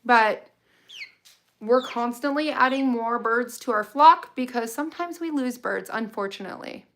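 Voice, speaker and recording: A woman's voice: a little high, normal speed, fairly bright tone, slight background noise. A woman who keeps a flock of poultry, chatting casually and explaining things in a matter-of-fact way. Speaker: backyard poultry keeper. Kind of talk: casual chat while tending birds.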